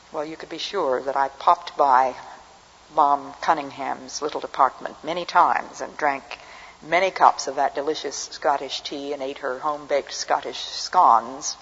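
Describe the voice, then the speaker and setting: A woman's voice: sits low, steady tone, moderate pace, fairly bright tone, slightly rough. An older woman giving an earnest, reflective personal testimony as a speaker. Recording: dull recording with long hall reverb.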